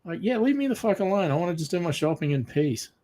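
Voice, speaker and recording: Laid-back swearing co-host. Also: male voice, high-pitched, very animated, fast, warm tone. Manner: profane, storytelling, laughs at his own tales. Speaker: podcast co-host. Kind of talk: casual livestream chat.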